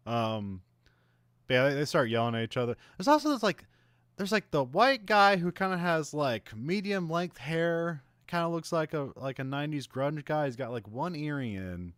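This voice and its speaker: A man's voice: a little high, lively intonation, moderate pace, fairly bright tone, clean tone, no room sound, studio quality. A man recapping a movie in casual podcast chat, rambling with lots of fillers and frequent chuckles. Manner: rambling, laughs often, many fillers. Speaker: podcast co-host.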